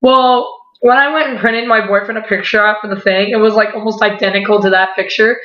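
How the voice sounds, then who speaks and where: A young woman chatting straight to her camera, excitable and peppering her story with "like" and the odd swear word. Her voice sits in the middle of the range. The sound is dull and lo-fi, with a roomy echo around it. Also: medium pitch, fairly quick. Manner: excitable, swearing, laughing often, lots of "like". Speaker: vlogger. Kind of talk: casual vlog storytelling. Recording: echoey room, dull lo-fi sound.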